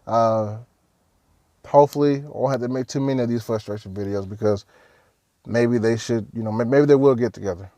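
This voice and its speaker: A man's voice: mid-range voice, brisk, mellow, no room sound. A man, ranting casually to camera about his football team, frustrated and repeating himself for emphasis. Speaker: sports fan vlogger. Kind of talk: casual fan rant to camera. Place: at work.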